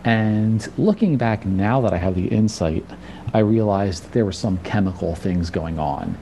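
A man's voice: fairly low pitch, animated, a little slow, warm tone, a little hiss or hum. A man from New Jersey who works as a personal trainer, talking casually and openly as an interview guest and often repeating words as he starts a sentence. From New Jersey, USA. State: slightly out of breath.

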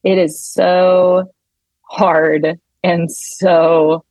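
A woman and mother of two, a podcast guest telling stories in a lively, laughing way. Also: on the low side, drawn-out words, no echo. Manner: animated storyteller, laughs often. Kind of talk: casual chat.

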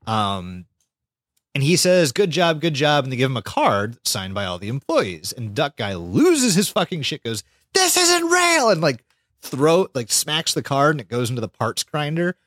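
A man co-hosting a podcast, retelling an episode with lots of swearing and squeaky voiced impressions of the characters. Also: big pitch swings, moderate pace, fairly bright tone, no room sound, clean studio sound. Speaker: podcast co-host. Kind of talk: casual podcast recap.

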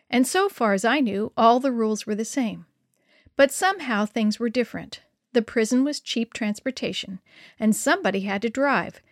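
A woman's voice: on the high side, no room sound, clean studio sound. Woman reading a story aloud. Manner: lively, expressive storytelling. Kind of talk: scripted first-person story reading.

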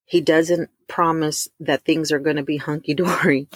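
A middle-aged woman, telling a heartfelt personal testimony to her listeners, warm and emotional, calling them y'all. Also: sits low, fairly even intonation, slightly rough, no room sound, studio quality. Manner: emotional, addresses listeners as y'all, drawn-out emphasis. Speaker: host of a faith talk stream.

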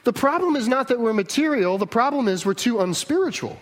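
With lively intonation and a brisk pace, a man with a fairly high voice delivers a sermon in an earnest, emphatic way. He keeps pausing to restart thoughts or throw rhetorical questions at the listeners.

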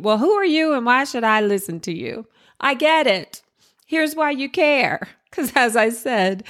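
Candid woman podcast host telling her story. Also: mid-range voice. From New Jersey, USA. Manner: candid and reflective, addresses listener directly. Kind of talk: personal storytelling monologue.

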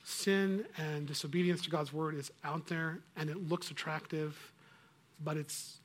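A male preacher delivers a sermon, retelling a story with emphatic, animated storytelling. His voice sits somewhat high for a man, and he leans into key phrases as he quotes scripture. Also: a little slow, a little hiss or hum.

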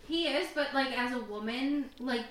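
A woman in a casual podcast chat, excitable and full of "like", who also reads passages aloud. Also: high voice, normal speed. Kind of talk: casual chat about a TV episode. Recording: echoey room sound.

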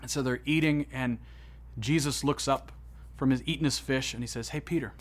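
A man preaching a sermon, retelling a story with swings between hushed, solemn passages and excited, rising ones. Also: mid-range voice, normal speed. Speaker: pastor.

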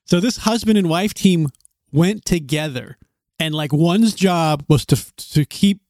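A man with a fairly high voice tells an outdoor story in loose, rambling chat, doubling back and laughing as he goes. The sound is dry and close, with no room around it. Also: a little slow, darkish tone, no echo. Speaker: podcast co-host telling trail stories. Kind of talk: casual chat.

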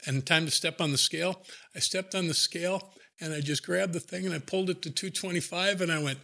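A man's voice: high-pitched, fast, vocal fry, few pauses, pushed and bright. An older man, a former coach, telling stories casually, acting out the people he quotes and laughing often. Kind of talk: casual storytelling.

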